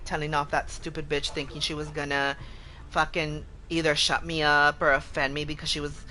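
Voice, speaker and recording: A brash male streamer talks to his chat over a desk mic, with a bright, sharp edge to his voice. His chatter is crude and full of trash talk, and he tells his stories with energy. Faint background noise sits under his voice. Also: fairly high pitch, normal speed. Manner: animated storytelling. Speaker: game streamer. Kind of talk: casual live-stream chat while gaming.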